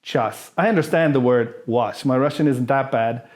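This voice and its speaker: This vlogger speaks at medium pitch and normal speed while answering questions from viewers. His personal story is candid and casual, full of swearing and impersonations of the people involved.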